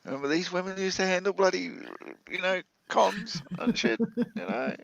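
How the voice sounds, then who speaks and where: A man's voice: sits high, moderate pace, vocal fry, fairly bright tone, highs cut off. A man co-hosting a casual chat, joking and sarcastic. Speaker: co-host.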